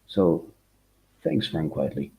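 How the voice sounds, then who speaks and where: A man whose first language is not English, co-hosting a podcast in casual chat, relaxed and quick to laugh. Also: deep voice, gravelly, slight background noise. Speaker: podcast co-host. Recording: dull lo-fi sound.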